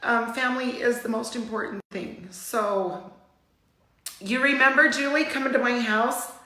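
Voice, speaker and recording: A middle-aged woman from Utah hosting a casual livestream, chatting in a warm, rambling way and getting teary. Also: fairly high pitch, measured pace, reverberant. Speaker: livestream host.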